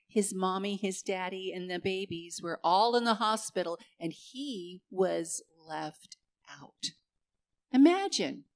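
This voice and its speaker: Older woman pastor preaching. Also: mid-range voice. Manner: warm, repeats phrases for emphasis. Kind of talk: sermon.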